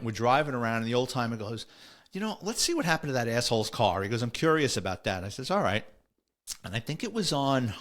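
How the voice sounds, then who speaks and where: A middle-aged man tells stories from his police days. He talks casually and jumps into the voices of partners and suspects as he goes. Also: mid-range voice. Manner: animated, acts out the people he quotes. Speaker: retired police officer telling stories. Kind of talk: casual storytelling.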